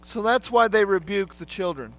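A man's voice: high voice, animated, moderate pace, a bit bright. A man preaching a sermon in a conversational way, often turning to the listeners with questions.

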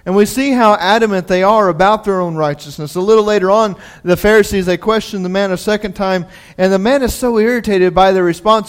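Brief: male pastor, conversational sermon delivery, high-pitched. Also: a little fast, few pauses, smooth. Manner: conversational, animated storytelling. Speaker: preacher.

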